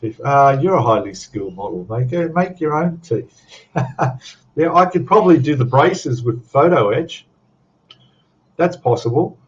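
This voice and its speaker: Older Aussie male stream host, chatty and rambling, mid pitch, slightly dull audio. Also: lively intonation, a little slow. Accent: Australian. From Australia. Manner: rambling, chatty, laughs often, reads out chat. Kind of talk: casual live stream chat.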